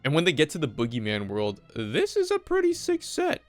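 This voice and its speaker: A man's voice: on the high side, huge pitch swings, fairly quick. A man casually recapping a movie with profane, rambling enthusiasm.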